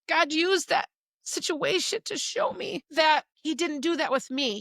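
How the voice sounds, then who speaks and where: Earnest and from the heart, a middle-aged woman co-hosting a faith-based podcast speaks about personal faith, growing emotional at times and using quoted dialogue. Her voice is bright and a bit high, captured close-miked and dry, with no echo or room sound.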